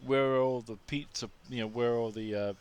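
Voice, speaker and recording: Pushy yank tourist, loud and high-pitched, put-on a man mimicking him, for a vlog story. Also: fairly even intonation, brisk, clean tone, natural voice. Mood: demanding.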